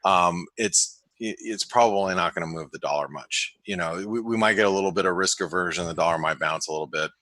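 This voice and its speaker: A man hosting a webinar, giving casual market commentary in a halting way, full of restarts and fillers. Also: low voice, pushed and bright, dry recording. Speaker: webinar host and market analyst. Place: home office in the desert.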